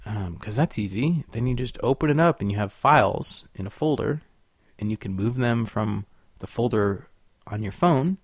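A man's voice: medium pitch, vocal fry, no echo. Rambling, cussing man with a dry sound. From Sacramento, California. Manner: rambling and profane, swinging between quiet musing and loud ranting. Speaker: podcast host. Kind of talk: rambling solo podcast monologue.

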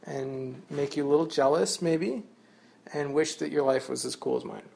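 Creaky-voiced man rambling on a podcast. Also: fairly high pitch, moderate pace, darkish tone, slight background noise. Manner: rambling, joking, self-mocking. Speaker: podcast host. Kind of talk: casual solo podcast monologue.

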